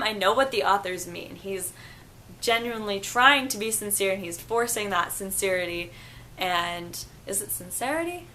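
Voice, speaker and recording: A young woman talks through a book review in a casual vlog, her voice bright and clear at an ordinary middle pitch. She is chatty and enthusiastic, musing aloud as she goes. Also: animated, moderate pace, slight background noise.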